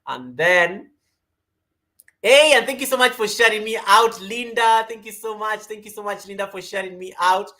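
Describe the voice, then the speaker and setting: A chatty Kenyan woman hosts a relaxed yoga livestream and talks her way through the viewer comments. Her voice sits at an ordinary middle pitch. It keeps leaping up in pitch and volume as she calls out names. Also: moderate pace. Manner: chatty and rambling, greets viewers by name, animated jumps in pitch and loudness. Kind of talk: casual livestream chat reading viewer comments.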